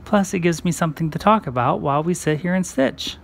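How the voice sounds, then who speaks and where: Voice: medium pitch, fairly quick, vocal fry, a little hiss or hum. A cross-stitch vlogger chatting casually and rambling on while stitching.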